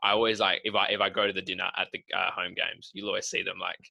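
A man's voice: deep voice, little pitch movement, fast, creaky, pushed and bright, low-quality recording. A young man, casually telling rambling stories on a podcast and laughing between lines. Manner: rambling storyteller, laughs mid-sentence. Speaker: podcast co-host. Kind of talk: casual chat.

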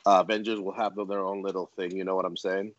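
Low-voiced man chiming in. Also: level tone, quick pace, no room sound, dull audio. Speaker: podcast co-host. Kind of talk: casual chat.

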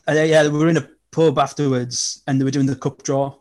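A young man, chatting casually and telling animated football stories as a podcast guest. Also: a little high, moderate pace. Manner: animated storytelling with laughs. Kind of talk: casual chat.

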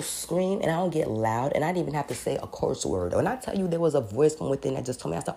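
Low gravelly woman telling a story. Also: fast. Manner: animated, acts out the people she quotes; emphatic and insistent, repeats her points. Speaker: vlogger telling a personal story. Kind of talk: casual storytelling.

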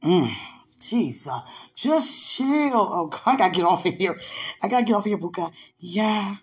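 An excitable woman chatting about faith, with frequent laughter. Her voice sits at a middling pitch. It drops to soft murmurs and then jumps to loud, high squeals. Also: normal speed. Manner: talks to herself to calm down. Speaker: podcast co-host. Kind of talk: casual faith chat on a call.

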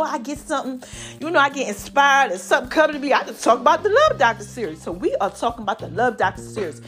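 A woman hosts a casual podcast in a slightly high, hoarse voice. She talks in an animated, drawn-out way and keeps calling her listeners baby and y'all. Faint music plays behind her. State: hoarse from allergies. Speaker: podcast host.

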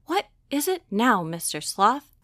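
A woman voicing an impatient, energetic young girl who talks quickly and bossily. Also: fairly high pitch, no room sound, studio quality, heavily acted. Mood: eager. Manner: quick, bossy, eager.

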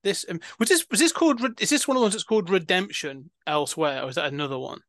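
A man with a fairly high voice chats casually about films, wandering through his points with plenty of fillers and restarts. The recording is close and dry, with no room sound. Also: animated, quick pace, fairly bright tone, no room sound. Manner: chatty, rambling with many fillers and restarts. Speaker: podcast host. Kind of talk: casual film-review chat.

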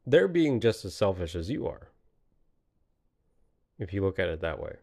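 A man in his late thirties talks through his thoughts alone, rambling and reflective, breaking into laughter at his own stories. His voice sits low. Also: big pitch swings, moderate pace, a little mellow. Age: 30s. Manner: rambling, laughs often at himself. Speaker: podcaster. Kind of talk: reflective monologue.

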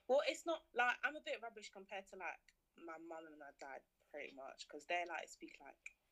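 A woman's voice: fairly low pitch, a little fast. A young woman from London and France, a pharmacy student, chatting casually as a guest on a student radio show. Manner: lively, chatty, filler-heavy. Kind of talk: casual chat.

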